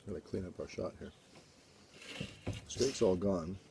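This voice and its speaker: Low-voiced male co-host, dry teasing humor, loud background noise. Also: a little slow, gravelly. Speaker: co-host food critic. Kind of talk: casual mealtime chat. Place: home dining table.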